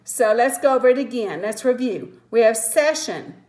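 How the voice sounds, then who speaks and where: A woman teacher slowly walking through a phonics lesson, patient and step by step, with small apologetic asides. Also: on the high side, expressive, darkish tone.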